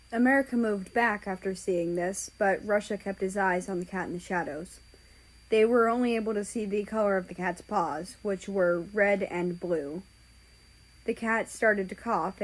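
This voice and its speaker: A woman reading a fan story aloud in slow, measured narration. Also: mid-range voice, rough recording. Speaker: story reader.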